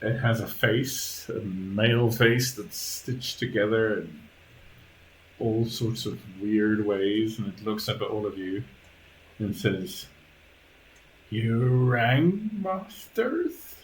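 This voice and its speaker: Male game master, slow casual narration. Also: lowish voice, steady tone, a little hiss or hum, rough recording. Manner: slow, descriptive narration with hedging fillers. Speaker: dungeon master.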